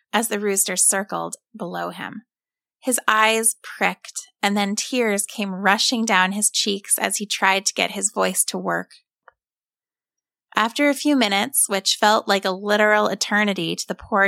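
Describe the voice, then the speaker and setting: A woman calmly and expressively narrating a children's story as a storyteller. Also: medium pitch, creaky, no echo, clean studio sound. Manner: calm, expressive read-aloud.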